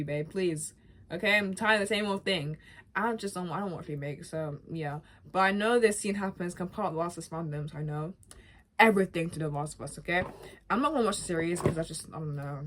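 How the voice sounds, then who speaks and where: A woman's voice: on the low side, a little hiss or hum. A young woman vlogger chatting casually and rambling about a video game, often stopping to correct herself. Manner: rambling, self-correcting, animated. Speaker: gaming vlogger.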